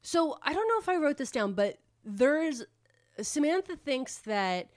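A woman casually recapping a book plot on a podcast, rambling and animated, with swearing. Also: high voice, measured pace, no echo, studio quality. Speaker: podcast co-host retelling a book. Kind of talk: casual chat.

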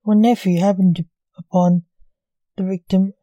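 A woman voicing a male reaper necromancer in a slow storybook reading, calm and matter-of-fact. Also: mid-range voice, dry recording, close to an everyday voice.

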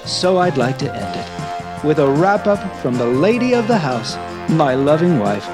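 A man's voice: fairly high pitch, big pitch swings, measured pace, over music. A man hosting a comic audio lecture series in a mock-pompous, old-fashioned lecturing manner. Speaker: host.

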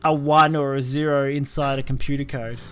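A man's voice: medium pitch, flat delivery, a little fast, slight background noise. A man co-hosting a podcast in casual chat, rambling and breaking into playful gibberish sounds. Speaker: podcast co-host.

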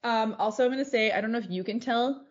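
A woman co-hosting a podcast, chatting casually and joking, her voice lower than usual. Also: fast talker, dull audio. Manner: laid-back, joking. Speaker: podcast co-host. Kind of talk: casual chat.

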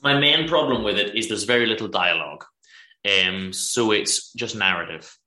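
A man's voice: fairly low pitch, moderate pace, pushed and bright, reverberant. A man hosting a podcast, chatting casually about a book he read, rambling with restarts and asides. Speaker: podcast host.

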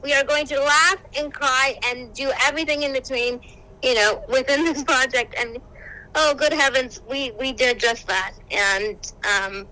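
A young woman telling stories in a casual chat, animated and quick to exclaim. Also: high voice, poor audio. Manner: animated storyteller, exclaims often. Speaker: guest, social work graduate student. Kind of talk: casual conversation.

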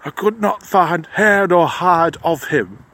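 A man voicing a gruff, blunt middle-aged lodge head with a broad Lancashire accent, matter-of-fact and casually swearing. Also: high voice, expressive, takes it slowly, fairly bright tone, voice pushed up, heavily acted. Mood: deadpan.

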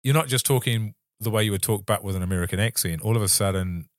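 A man's voice: lowish voice, fast talker, dry recording, clean studio sound. A man with a New Zealand accent co-hosting a podcast, chatting casually in a rambling, self-deprecating way. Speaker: podcast co-host. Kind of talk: casual chat.

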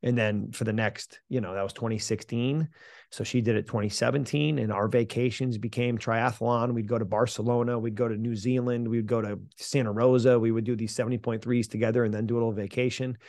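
A man's voice: mid-range voice, steady tone, fairly quick, a little mellow, no room sound. A middle-aged man, a mental performance coach, telling a personal story as a podcast guest in a punchy, emphatic way, casually swearing and calling the listener "man". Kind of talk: animated storytelling in an interview.

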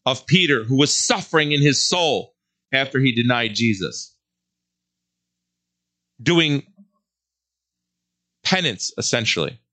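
A man speaking as host of a religious commentary show, in a bright, forceful voice. He preaches earnestly and drives his points home with slow, repeated phrases. His pitch sits in an ordinary middle range for a man.

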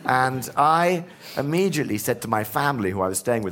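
A man in mid-register telling anecdotes as an interview guest, talking in animated bursts with frequent asides and self-corrections. He sounds like a historian sharing stories. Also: medium pitch, a little fast. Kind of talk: storytelling in conversation.

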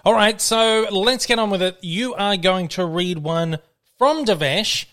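A man with an Australian accent hosting a casual podcast from his dining room, chatty and quick to laugh. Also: high voice, bright, forceful tone. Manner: chatty, laughs easily, reads listener emails aloud. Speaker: podcast host.

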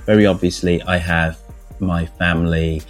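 A middle-aged British man leads a relaxed panel conversation in a lowish voice. He talks in quick, chatty bursts and repeats words as he goes. Soft music plays faintly behind him. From England. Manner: lively, chatty, repeats words when excited. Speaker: podcast host. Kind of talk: casual panel chat.

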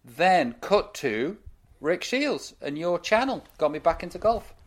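A man's voice: high voice, big pitch swings, a little slow. A British man as a podcast guest, talking candidly and loosely, rambling and reflecting on himself. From United Kingdom. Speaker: guest, musician. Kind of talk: casual chat.

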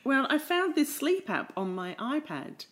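A woman co-hosting a podcast, telling stories in animated casual chat. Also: high voice, unhurried. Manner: animated storyteller. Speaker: podcast co-host.

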